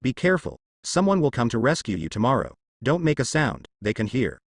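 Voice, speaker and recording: A man reading the lines of a calm, confident young male fighter who talks in a cool, offhand way, in a dry studio recording. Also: mid-range voice, brisk, no room sound. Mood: urgent.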